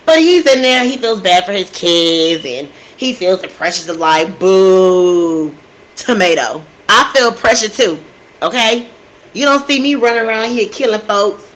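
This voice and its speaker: A woman's voice: medium pitch, expressive, unhurried, fairly bright tone, low-quality recording. A woman telling a true crime story casually into a desk microphone, getting emotional and outraged and talking straight to her listeners.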